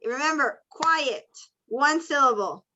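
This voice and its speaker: Heard through dull, lo-fi video call audio, this ESL teacher speaks slowly in a high-pitched, expressive voice that's pushed and bright. She patiently calls on her online students and encourages them with explanations in English and Spanish.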